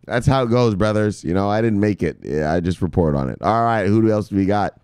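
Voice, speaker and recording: A middle-aged man talking excitedly as a crypto news vlogger, cursing and shouting shout-outs to viewers. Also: fairly low pitch, fairly quick, smooth, no room sound, clean studio sound. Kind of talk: casual hyped-up commentary.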